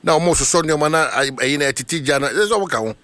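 A man with a Ghanaian accent hosting a talk show, asking questions in a lively, joking way. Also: on the high side, quick pace, dry recording. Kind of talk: casual talk show chat.

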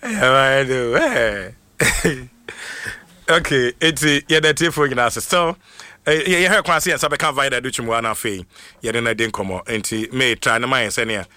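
A man runs a casual livestream, calling out viewers' names with lively energy and frequent laughter. His voice is bright and forceful, recorded close and dry. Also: medium pitch, normal speed, no echo. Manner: animated, switches between Twi and English, laughs often. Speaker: livestream host. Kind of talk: casual live shout-outs.

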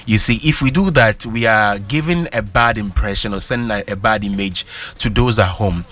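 A man's voice: fairly low pitch, normal speed, a bit bright. Earnest Ghanaian man giving advice. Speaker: guest giving life tips. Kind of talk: advice talk on radio.

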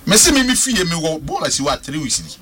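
A man's voice: on the high side, very animated, fast, sharp tone. A man with a Ghanaian accent calling in to a radio talk show, speaking with passion and repeating words for stress. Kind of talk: passionate radio call-in commentary.

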